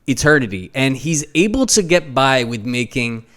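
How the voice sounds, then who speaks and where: A man co-hosting a casual podcast, talking at length and breaking into goofy high impressions now and then. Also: normal speed. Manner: animated storyteller who breaks into goofy sung impressions. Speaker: podcast co-host. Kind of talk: casual chat.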